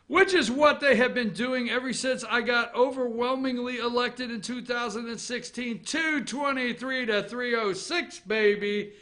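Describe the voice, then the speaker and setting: Brief: male talk host, high-pitched sharp voice, mocking rant with profanity. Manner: sarcastic, ranting, swears freely; laughs at own jokes. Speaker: political opinion show host. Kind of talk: off-the-cuff political commentary.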